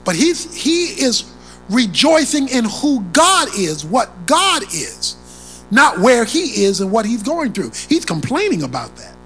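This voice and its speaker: A preacher giving a sermon, emphatic and repeating key phrases, swinging between loud declarations and hushed asides. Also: mid-range voice, very animated, measured pace, faint music behind, rough recording.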